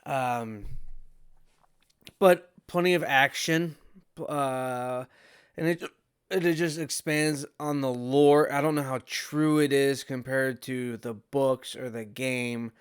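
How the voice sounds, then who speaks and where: A man's voice: medium pitch, steady tone, slow pace, smooth, no room sound, studio quality. A man giving a casual spoken review in a rambling way with many restarts, interrupted by hiccups. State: has the hiccups. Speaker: video reviewer.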